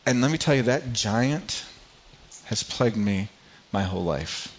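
A man preaching a sermon, telling a personal story in a halting way, often repeating words and growing quiet at painful moments. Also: lowish voice, lively intonation. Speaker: pastor. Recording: slightly dull lo-fi sound.

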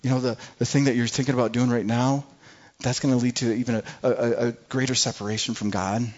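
A preacher voicing a calm, gentle spirit who warns softly, in a muffled lo-fi recording. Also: male voice, medium pitch, fairly quick, pitched below the performer's own voice, natural voice. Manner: soft, quiet, gently questioning.

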